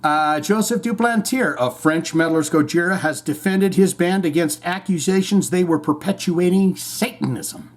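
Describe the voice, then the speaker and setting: A man's voice: sits high, moderate pace, hardly any pauses. A man hosting a podcast, giving rambling, irreverent, profanity-laced commentary on the news. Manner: rambling, irreverent, swears freely. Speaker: podcast host.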